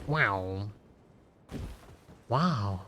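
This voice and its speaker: A man's voice: lowish voice, lively intonation, drawn-out words, sharp tone, slight background noise. A man streaming a game, chatting casually with viewers in a rambling, self-conscious way. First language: Spanish. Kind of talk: casual live-stream chat.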